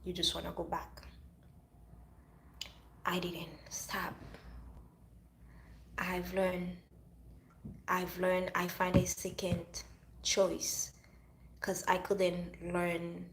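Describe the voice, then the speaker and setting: A woman's voice: on the low side, completely flat delivery, very slow, creaky, pauses often, echoey room, slight background noise, poor audio. A woman with a French accent speaking earnestly in a casual motivational monologue, often restarting her phrases. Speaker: vlogger.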